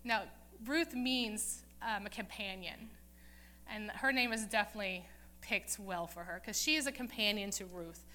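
A woman's voice: medium pitch, moderate pace, bright, forceful tone. A woman preaching in a casual, chatty way, retelling a Bible story and acting out the characters' lines. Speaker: Bible teacher.

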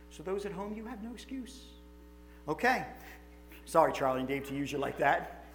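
Animated New pastor storytelling. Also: male voice, high voice. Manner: animated, emotional storytelling with restarts and acted-out quotes. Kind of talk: sermon storytelling.

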